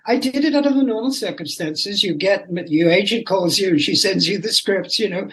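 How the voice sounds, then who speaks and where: Older man, animated storyteller, casual guest chat. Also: high voice, brisk, slight background noise, poor audio. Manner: animated, laughing storyteller who slips into character voices. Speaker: guest, rock singer and actor.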